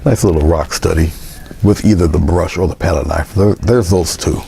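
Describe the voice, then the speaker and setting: Relaxed male art teacher, deep and gravelly, narrating his brushwork in a studio, faint background hiss. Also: moderate pace. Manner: relaxed, talks through each step, trails into quiet asides. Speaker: painting instructor. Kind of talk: casual painting demonstration. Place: indoor studio.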